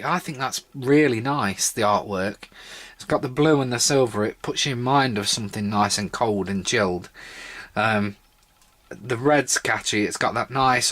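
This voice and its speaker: Bloke a bit tipsy, sore throat, rambly and chatty, mid pitch. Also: male voice, measured pace, fairly bright tone. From Britain. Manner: rambling, chatty, wry asides. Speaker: drinks reviewer. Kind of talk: casual solo review vlog.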